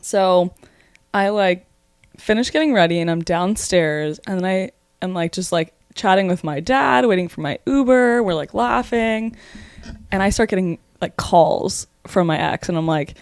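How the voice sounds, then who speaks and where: A woman's voice: on the low side, clean tone, no room sound, clean studio sound. A young woman in her twenties, co-hosting a podcast, telling a wild story in casual chat with lots of "like" and swearing. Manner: fast, animated, swears a lot, says "like" often. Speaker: podcast co-host.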